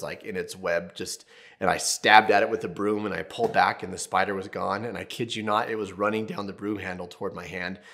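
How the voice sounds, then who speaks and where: A man's voice: deep voice, gravelly, a bit bright. A man in his thirties, a therapist hosting an advice video, talking casually and candidly with jokey asides and personal stories. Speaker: therapist, channel host.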